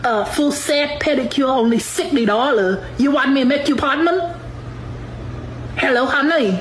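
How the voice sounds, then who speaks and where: A woman's voice: high-pitched, normal speed, a little hiss or hum, pitched above the performer's own voice, natural voice, rough recording. A woman voicing a pushy nail salon receptionist in clipped, broken phrasing.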